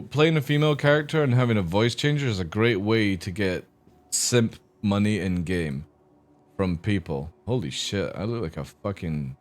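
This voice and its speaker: A man livestreaming a game, chatting casually with viewers in a crude, joking, rambling way. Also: lowish voice. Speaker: gaming streamer. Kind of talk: casual live-stream chat.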